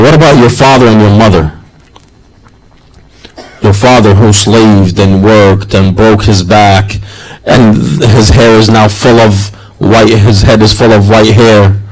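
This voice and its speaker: A man's voice: lowish voice, steady tone, unhurried, rough recording. A man preaching a sermon in an earnest, rhythmic way that repeats its phrases.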